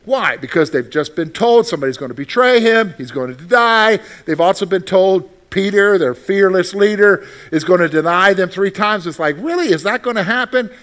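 A man's voice: high-pitched, animated, normal speed, few pauses, fairly bright tone. A male pastor preaching a sermon in a conversational way, asking the listeners questions and reading from scripture. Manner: conversational, asks the congregation questions.

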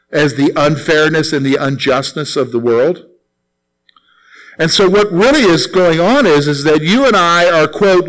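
A middle-aged man preaches a sermon to his congregation. His voice sits a little high for a man. He keeps it conversational, repeats phrases and acts out little quotes. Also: a bit bright, poor audio. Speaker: pastor.

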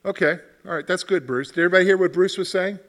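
High, bright-voiced man teaching a Bible class. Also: fast. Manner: keeps checking in with "okay?", repeats phrases. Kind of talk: interactive class discussion.

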